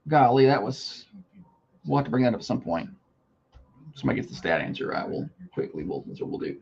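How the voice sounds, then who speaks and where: A man's voice: mid-range voice, big pitch swings, fairly quick, vocal fry, darkish tone, lo-fi sound. A man hosting a morning radio show, casual and easygoing, laughing easily. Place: radio studio.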